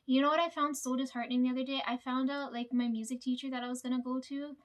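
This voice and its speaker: A young woman with a fairly high voice tells a long story casually, as if talking to friends. She rambles and swears freely, and keeps checking in with her listeners. Her delivery is loose and unpolished. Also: steady tone, quick pace. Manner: rambling, profane, fillers like "right?" and "like". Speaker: vlogger.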